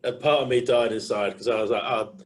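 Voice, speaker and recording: A man's voice: on the low side, fairly even intonation, fairly quick, rough recording. A man with an English Midlands accent hosting a podcast, asking questions in a teasing, amused way. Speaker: podcast host. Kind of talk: casual interview chat.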